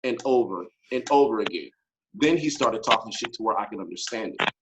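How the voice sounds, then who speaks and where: A man co-hosting a podcast, telling a story in casual chat, animated and full of swearing. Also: fairly low pitch, a little fast, background noise. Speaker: podcast co-host.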